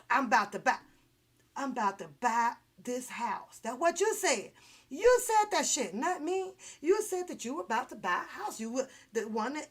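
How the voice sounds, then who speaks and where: A woman vlogger in a casual, animated livestream rant, profane and teasing, often laughing mid-sentence. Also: sits high. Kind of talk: casual ranting livestream commentary.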